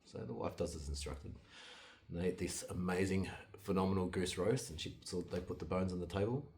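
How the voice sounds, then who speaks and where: A man telling a fairytale in a loose, conversational way, with restarts and sudden jumps in loudness. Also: deep voice, fairly quick, a little hiss or hum. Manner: loose retelling with restarts, lively swings in loudness. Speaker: storyteller. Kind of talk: casual fairytale storytelling.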